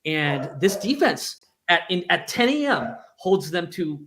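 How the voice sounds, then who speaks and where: A man co-hosting a sports show, speaking upbeat and emphatic in quick bursts. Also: sits high, big pitch swings, noisy background. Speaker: podcast co-host.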